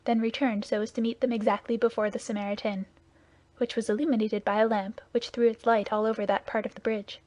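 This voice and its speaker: A woman narrating a classic novel as an audiobook, in a steady, measured reading voice. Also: on the high side, dry recording.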